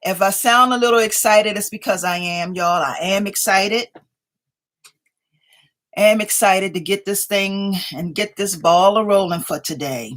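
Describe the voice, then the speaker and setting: A woman's voice: medium pitch, unhurried, fairly bright tone. A woman hosting a casual craft livestream from home, greeting viewers by name as they join and chatting along, a little sleepy. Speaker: craft channel host.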